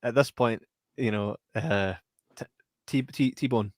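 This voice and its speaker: A young man co-hosting a podcast, laughing often and acting out film scenes with loud yelps. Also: mid-range voice, takes it slowly, no room sound, studio quality. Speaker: podcast co-host. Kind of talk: casual podcast chat.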